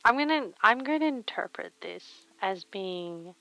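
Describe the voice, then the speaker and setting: A woman's voice: mid-range voice, animated, measured pace, creaky, few pauses, a bit bright, clean tone, rough recording. A woman streamer chatting casually while she crafts, murmuring to herself and reading chat aloud on a very sensitive close mic.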